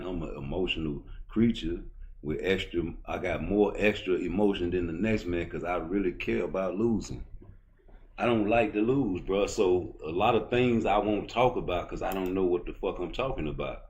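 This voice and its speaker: A man's voice: low-pitched, normal speed, lo-fi sound. A middle-aged man with a Baltimore accent, giving a blunt, profane, swaggering boxing rant as a YouTube commentator. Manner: blunt, profane, swaggering street talk, rising loud when heated. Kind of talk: casual opinion rant.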